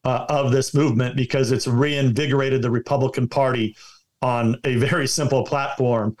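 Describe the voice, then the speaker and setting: A man's voice: medium pitch, fairly even intonation, normal speed. A man talking as a guest in an interview, giving emphatic partisan commentary full of restarts and repeated words. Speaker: political guest.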